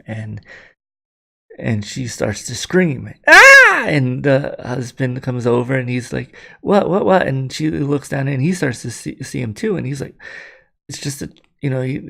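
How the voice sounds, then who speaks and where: A man with a heavily gravelly, creaky voice, spinning a rambling spooky tale straight to camera. His telling is casual and loose, full of asides. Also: mid-range voice. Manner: rambling and conversational. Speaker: storyteller. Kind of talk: casual spoken storytelling to camera.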